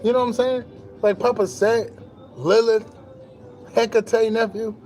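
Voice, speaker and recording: A young man talking casually to camera in a boastful, animated monologue full of slang and swearing, laughing now and then. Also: high voice, measured pace, faint music behind. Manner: laughs between lines. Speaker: spiritual vlogger.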